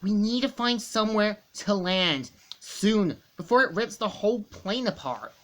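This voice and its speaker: A woman's voice: mid-range voice, animated, unhurried, voice pushed up, natural voice. A woman voicing a cocky young male hedgehog hero from a comic, brash and jumpy, reading his lines aloud. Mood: wary.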